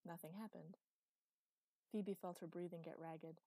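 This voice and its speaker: A woman narrating a fantasy audiobook in a measured, expressive read. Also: lowish voice, no room sound.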